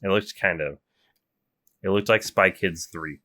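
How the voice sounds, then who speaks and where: Deep, bright-toned young man chatting. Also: a little slow. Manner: chatty, trails off and restarts, self-described gamer. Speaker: podcast co-host. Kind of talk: casual chat.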